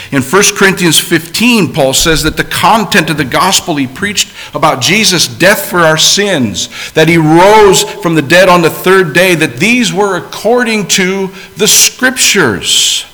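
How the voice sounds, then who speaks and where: A man preaching a sermon, swinging between loud emphasis and hushed, quiet asides. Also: high voice, animated, slow.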